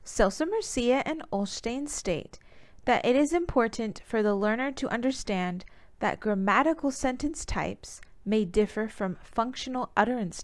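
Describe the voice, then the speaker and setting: A young woman giving a student presentation, reading formal points and citations in a steady way. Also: medium pitch. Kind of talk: reading a prepared class presentation.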